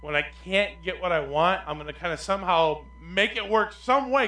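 A man preaching a sermon as pastor, animated, swinging between loud emphatic lines and quiet asides. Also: high-pitched, a little fast, few pauses, echoey room, low-quality recording.

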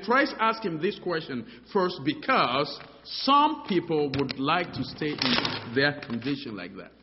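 A man preaches with a high, lively voice that swings up and down, stumbling over his words and repeating them as he builds his points. The sound is dull and muffled, carried through a long hall reverb. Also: measured pace, few pauses. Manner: animated, repeats words, many fillers; acts out dialogues in his story. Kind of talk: sermon.

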